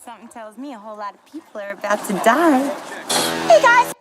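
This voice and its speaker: An actress voicing a snarky, wisecracking young woman in a cartoon, mocking and quick, with music behind her. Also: fairly high pitch, sing-song. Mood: sarcastic.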